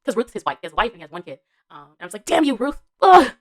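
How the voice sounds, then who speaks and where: A woman vlogger talks very fast in an animated, fairly bright voice on the low side while casually reviewing a TV show. She gushes and rambles, sprinkling in slang and fillers, and laughs between points.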